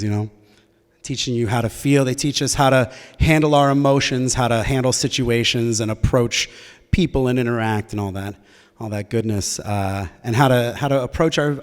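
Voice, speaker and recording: A young man telling a personal story to an audience, conversational and halting, often restarting his sentences. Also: mid-range voice, big-room sound.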